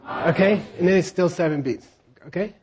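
A man's voice: high-pitched, moderate pace, a little mellow, slight background noise. A man teaching a class on scripture, leading the students in repeating lines and checking in with them again and again. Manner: leads call-and-response repetition.

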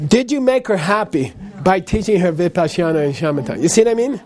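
A man with a high voice teaches a Buddhist class. He talks loosely and conversationally, and he keeps checking in with his listeners. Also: lively intonation, a little fast, few pauses, a little mellow. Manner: conversational, frequent "okay?" and "you know".

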